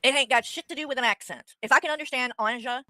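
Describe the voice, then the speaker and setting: American woman streamer, blunt, dismissive, cursing, bright sharp voice, dry sound. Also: sits high, fast, dry recording. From United States. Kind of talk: casual stream talk.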